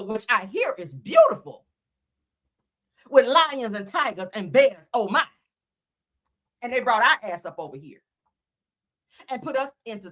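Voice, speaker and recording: A woman livestream host talks bluntly and profanely, laughing often as she goes. Her voice is bright and sharp, and her pitch swings widely. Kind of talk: casual livestream commentary.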